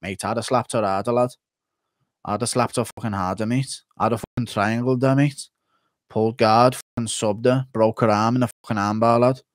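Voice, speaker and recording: A man's voice: medium pitch, fairly even intonation, moderate pace, no room sound, studio quality, lightly acted. A man doing a brash, swearing fighter. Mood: swaggering. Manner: crude, swaggering, swearing. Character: brash young male English fighter, profane.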